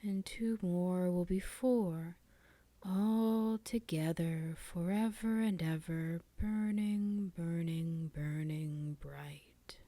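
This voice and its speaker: A woman's voice: fairly low pitch, no room sound. A woman whispering as a dying, gloating old lord. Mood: sinister. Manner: slow, hushed, whispering menace. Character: dying old male aristocrat, malicious, gloating.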